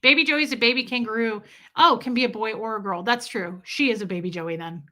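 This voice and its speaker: Bright chatty woman streamer. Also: on the high side, fairly quick. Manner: chatty, affectionate, answers viewers' comments aloud. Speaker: livestream host reading chat. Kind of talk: casual live-stream chat.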